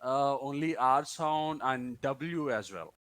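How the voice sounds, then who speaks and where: A man's voice: mid-range voice, slow, a bit bright. A non-native English-speaking man with a mid-range voice, a guest in a casual call. He speaks hesitantly, trailing into fillers and restarting his sentences. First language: not English. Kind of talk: casual video call chat.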